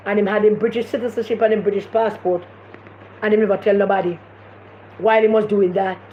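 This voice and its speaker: A woman's voice: mid-range voice, fairly even intonation, fast. A woman with a Jamaican accent giving impassioned political commentary on a live stream, repeating her points with emphasis. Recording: echoey room, dull lo-fi sound, faint noise.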